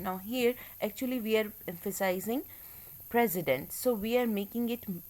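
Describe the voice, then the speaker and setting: A woman teacher giving a recorded English grammar lecture, explaining step by step with frequent pauses and fillers. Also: medium pitch, darkish tone. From Pakistan.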